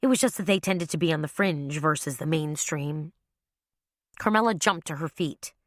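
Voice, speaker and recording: Woman reading an audiobook, lowish voice, dry sound, lively telling. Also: normal speed, no echo. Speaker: audiobook narrator. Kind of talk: scripted narration.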